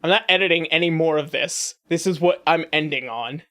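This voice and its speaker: A man's voice: fairly high pitch, pushed and bright. Dude doing a sweary sarcastic commentary rant, trips over his words a lot. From United States. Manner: crude, profane, sarcastic, halting restarts. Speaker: YouTube commentator.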